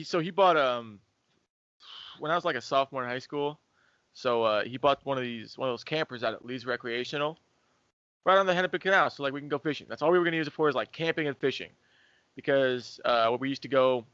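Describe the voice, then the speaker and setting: A man, co-hosting a podcast and telling a rambling, halting story. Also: mid-range voice, fairly bright tone, clean tone, no echo. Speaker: podcast co-host. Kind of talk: casual chat. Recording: dry dull lo-fi podcast audio.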